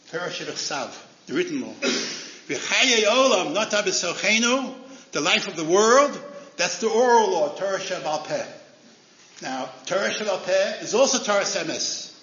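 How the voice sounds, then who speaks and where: A man's voice: high voice, pushed and bright, roomy sound, dull audio, a little hiss or hum. A man giving a Torah lecture as a rabbi, telling stories and acting out the characters' lines with sudden rises in voice.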